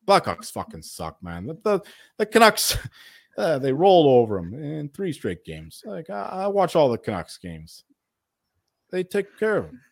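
A man's voice: a little high, wildly swooping pitch, unhurried, creaky, no room sound, clean studio sound. A tipsy man co-hosting a casual sports podcast, swearing and teasing his co-host. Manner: profane, teasing. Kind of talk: casual chat.

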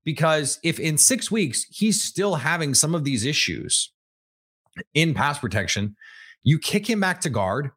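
Wry, slightly high-voiced male podcast host. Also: sing-song, measured pace, fairly bright tone, husky. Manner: conversational, thinks aloud, wry and sarcastic asides. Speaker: podcast host and team beat writer. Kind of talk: solo sports podcast commentary.

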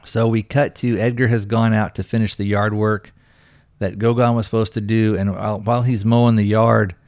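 A man's voice: fairly low pitch, flat delivery, normal speed, darkish tone, no echo, studio quality. A man hosting a solo podcast in a casual, rambling way, loosely retelling a film's scenes with frequent fillers. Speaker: podcast host reviewing movies.

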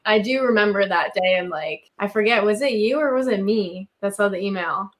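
A young woman guest, one half of a music duo, talking in a relaxed casual interview chat with plenty of "like" fillers. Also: mid-range voice, brisk, noisy background. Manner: relaxed, heavy use of filler "like".

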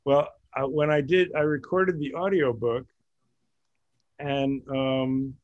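A slow, unhurried middle-aged man hosts a casual group chat, stopping to restart his sentences and laughing along the way. The audio is dull and muffled, with a dry, close sound. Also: mid-range voice, darkish tone, no echo. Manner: halting, self-correcting, laughs often. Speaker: discussion group host.

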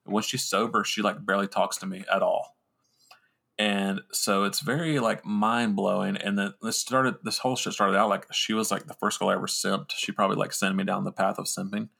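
A young man rambles through a story on his podcast, swearing freely and mocking himself as he goes. His low voice has a gravelly fry with a bright, forward edge. He talks in a loose, casual way, full of restarts and fillers. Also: little pitch movement, a little fast. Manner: rambling, profane, self-mocking. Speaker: podcast host.

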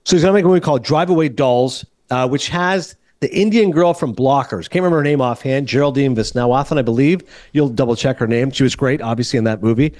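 Canadian guy hosting a movie podcast, talks super fast, dry close sound, lively storyteller. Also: medium pitch, no echo. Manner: animated storyteller who acts out other people's lines. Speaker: podcast host. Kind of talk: casual film podcast chat.

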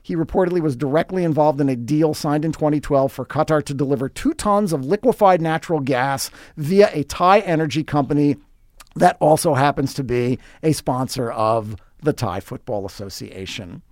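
A man's voice: on the high side, normal speed, a little mellow, no room sound, studio quality. A man hosting a podcast, reading scripted sports commentary with sarcastic, wry asides. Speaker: podcast host.

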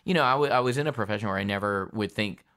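A man being interviewed as an actor guest, telling stories in a lively way with frequent laughs and quick restarts. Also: lowish voice. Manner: animated storytelling, laughs often, quick restarts. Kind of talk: casual interview chat.

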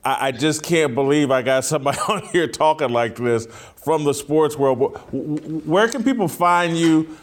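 A male host with a somewhat high voice, excited and stumbling over his words as he fires questions at his guest in a casual chat. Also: moderate pace. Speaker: show host. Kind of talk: casual interview.

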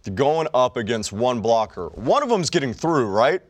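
A man's voice: medium pitch, sing-song, moderate pace, no echo. A young man co-hosting a podcast, chatting casually and sarcastically about sports. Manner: wisecracking, sarcastic. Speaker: podcast co-host.

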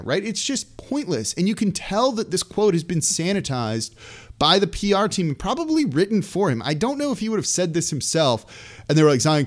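A man hosting a sports podcast, talking through team news in casual, animated solo commentary with frequent asides. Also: a little high.

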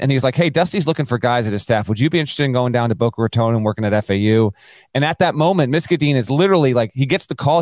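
A man co-hosting a sports podcast, talking at a middle pitch and telling a long story with lively energy. He acts out quotes in casual chat. The sound is dry and close to the mic. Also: no room sound. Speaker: podcast co-host.

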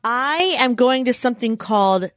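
A woman in her thirties co-hosting a podcast, telling stories in a quick, animated way and swearing casually. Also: on the high side, background noise. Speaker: podcast co-host. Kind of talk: casual chat.

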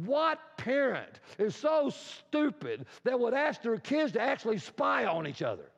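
A pastor with a strikingly high voice delivers a sermon, drawing the story out with lively asides and rhetorical questions, unhurried and creaky with scarcely a pause. His words echo at length through the church sanctuary, and the recording has a dull, lo-fi quality.

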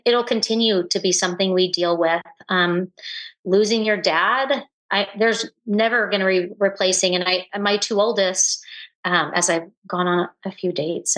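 A woman in her forties speaking as an interview guest, earnest and reflective, pausing often with fillers and restarts. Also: medium pitch, a bit bright, rough recording. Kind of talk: candid conversational interview.

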